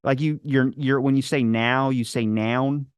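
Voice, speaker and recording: A man's voice: medium pitch, fairly even intonation, moderate pace, clear, resonant tone, no room sound. A man with a Baltimore accent and a mid-range voice, hosting a podcast chat. He talks in a chatty, curious, rambling way, and the sound is dry and close. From Maryland, United States. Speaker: podcast host. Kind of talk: casual chat.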